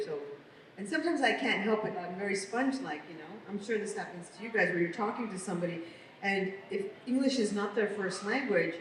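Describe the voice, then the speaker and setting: A woman's voice: medium pitch, a little hiss or hum. An American woman, a voice actress, chatting casually as a guest on a convention panel. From United States. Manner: chatty, animated storyteller. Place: large convention hall. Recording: echoey hall recorded from far off.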